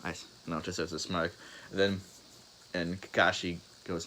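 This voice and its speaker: A young man improvising a spoken fan story, halting and rambling, with many restarts and fillers. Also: low-pitched, flat delivery, a bit bright, slight background noise, low-quality recording.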